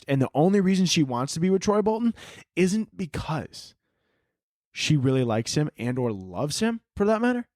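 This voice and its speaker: A man's voice: medium pitch, no room sound, clean studio sound. A man in his twenties hosting a solo podcast, ranting casually with lots of swearing. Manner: profane, animated, ranting. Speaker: podcast host.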